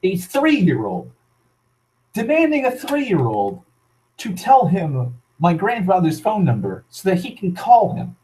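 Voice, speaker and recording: A man's voice: sits high, wildly swooping pitch, slow pace, a little mellow, poor audio. A man ranting as he tells a personal story, swearing constantly, heated and full of restarts. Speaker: vlogger. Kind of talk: rambling personal storytelling rant.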